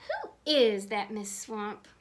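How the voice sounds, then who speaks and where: A woman's voice: medium pitch, wildly swooping pitch, takes it slowly. A woman doing a fretful, bumbling principal. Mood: puzzled. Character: puzzled, bumbling male school principal.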